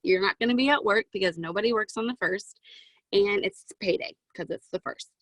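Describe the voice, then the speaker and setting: A woman in her twenties giving a chatty, excitable motivational talk to a sales team over a video call from her closet, with plenty of "um" and "right?". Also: medium pitch, a little fast, no echo, rough recording. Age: 20s. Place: home walk-in closet.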